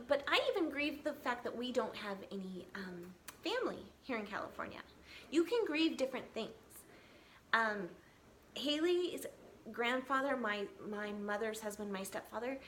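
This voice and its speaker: A woman's voice: on the high side, a bit bright, slight background noise. A woman in her thirties talking casually to her camera in an earnest, chatty way, with many fillers and restarts. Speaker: equine massage therapist vlogger. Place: home, California. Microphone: camera mic.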